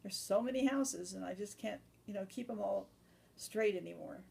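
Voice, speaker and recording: A woman's voice: mid-range voice, moderate pace, gravelly, dark tone. A weary, forgetful aging tooth fairy, as a woman telling a story puts her on. Her speech is meek and trails off, in a mid-range voice. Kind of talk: told storytelling.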